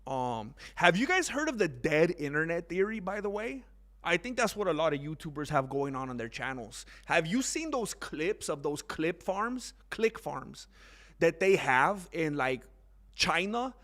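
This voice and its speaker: High, bright-voiced man rambling casually. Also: unhurried. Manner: rambling, animated, mocks others in high exaggerated voices. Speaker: MMA commentary YouTuber. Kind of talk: casual monologue.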